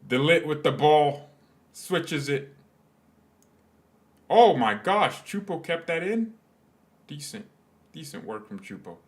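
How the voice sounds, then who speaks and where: A man's voice: a little high, big pitch swings, slow, long pauses. A man hosting a live fan watchalong, mixing match commentary with joking, rambling banter. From United States. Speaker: fan channel host.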